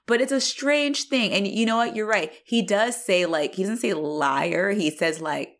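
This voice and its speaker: A woman's voice: mid-range voice, moderate pace, fairly bright tone. A woman co-hosting a podcast in casual chat who says "like" a lot and giggles. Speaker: podcast co-host.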